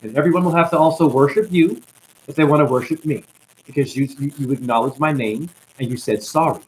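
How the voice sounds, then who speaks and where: A man's voice: on the high side, a little fast, natural voice, poor audio. A man voicing a regal, forgiving mother goddess who grants pardon, in a spiritual video. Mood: gracious.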